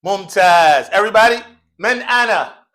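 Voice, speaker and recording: Lively, high-voiced man teaching class. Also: fast. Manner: playful, joking, laughs often; slangy casual speech. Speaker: Arabic teacher. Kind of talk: classroom Arabic lesson, call and response. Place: mosque classroom.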